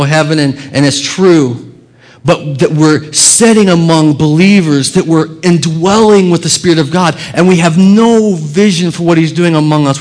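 A man preaching a sermon as a pastor, earnest and expressive, dropping quiet and rising with emphasis. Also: on the high side.

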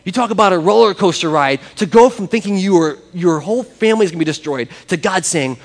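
A man preaching a sermon, lively and conversational, talking with his congregation. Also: sits high, fairly quick, hardly any pauses, long reverb tail. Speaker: pastor. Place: church sanctuary with congregation.

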